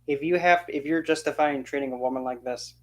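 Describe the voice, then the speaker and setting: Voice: mid-range voice, fairly quick. An occult channel host delivering an indignant, sarcastic opinion rant to camera, often mocking others by quoting them in put-on voices. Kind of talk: ranting opinion monologue.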